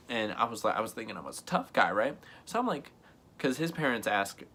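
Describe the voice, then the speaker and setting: A young man telling a story in a vlog, animated, often acting out other people's lines and filling his talk with "like". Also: on the low side, fairly quick, slight background noise. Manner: frequent "like" fillers, laughs between lines. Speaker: vlogger.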